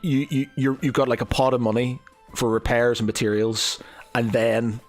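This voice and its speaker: A man's voice: mid-range voice, level tone, moderate pace, faint music behind. A man narrating a tabletop game as game master, hesitant and full of fillers. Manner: hesitant, filler-heavy, rambling.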